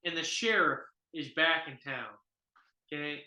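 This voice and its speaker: A man's voice: fairly high pitch, measured pace, pushed and bright, reverberant, rough recording. A man co-hosting a casual sports podcast, dry and needling, poking holes in his friends' claims. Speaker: podcast co-host.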